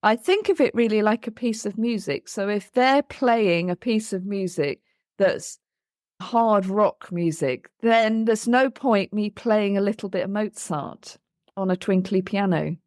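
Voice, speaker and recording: A woman's voice: medium pitch, a little slow, a little mellow, no room sound, clean studio sound. A woman, a play therapist co-hosting a podcast, explaining her approach in an earnest, thoughtful conversation. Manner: earnest, explains with acted examples of what she says to children.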